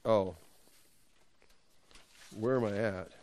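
A man's voice: on the low side, extremely slow, a little mellow. A man leading an evening Bible study, teaching in a conversational, emphatic way and often correcting himself.

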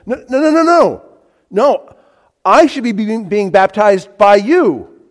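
A man voicing an adult male prophet who refuses humbly and emphatically, repeating himself in a high voice. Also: expressive, slow pace, in a large hall. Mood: protesting.

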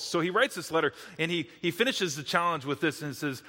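A man's voice: on the high side, expressive, fast, hardly any pauses, pushed and bright, big-room sound. A man preaching a sermon as a dramatic story, dropping to near-whispers at the tense moments.

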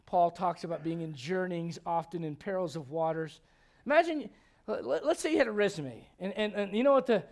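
A man preaching a sermon as pastor, swinging from hushed passages to loud, near-shouting ones and firing off rapid rhetorical questions. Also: high-pitched, expressive.

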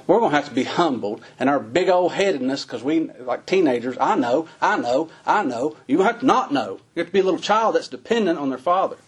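A man preaching a folksy sermon, his voice climbing high on the emphatic lines. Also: lively intonation, fast talker, few pauses, husky.

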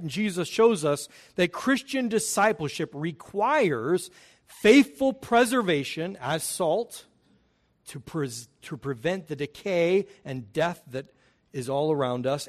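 A middle-aged pastor delivering a sermon in a slightly high voice. He speaks earnestly and builds emphasis on key phrases. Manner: earnest, emphatic preaching with rising stresses.

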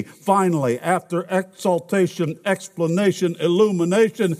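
A man preaches to his congregation in a heartfelt, pleading way, and at times presses with real urgency. His voice sits high for a man. The sound carries the long echo of a large church sanctuary. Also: steady tone, unhurried, hardly any pauses, a little mellow. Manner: emotional, rising to urgent preaching. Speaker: pastor. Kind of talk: sermon.

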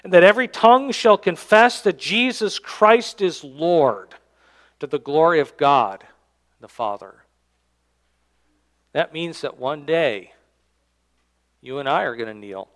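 A man, the church's pastor, preaching a sermon and reading scripture aloud, swinging between loud emphatic lines and quiet low endings. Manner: reads scripture aloud in King James wording. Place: church sanctuary.

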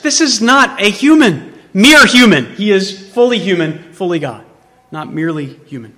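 Bright-voiced preacher in a reverberant hall. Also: male voice, high-pitched, lively intonation, moderate pace. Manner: preaching with rhetorical questions and swings between loud and quiet. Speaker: pastor. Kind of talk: sermon.

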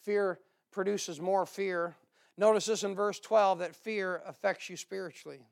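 A man preaching a sermon in an emphatic way, repeating key phrases and swinging from loud bursts to quiet asides. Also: fairly even intonation, unhurried, vocal fry. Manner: emphatic, rising to loud bursts then dropping low.

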